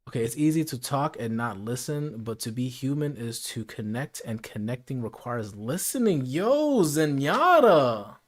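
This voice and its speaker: A man's voice: mid-range voice, normal speed, a little mellow. A man streaming a late-night casual chat, earnest and reflective, talking things through with lots of "like" and "you know.".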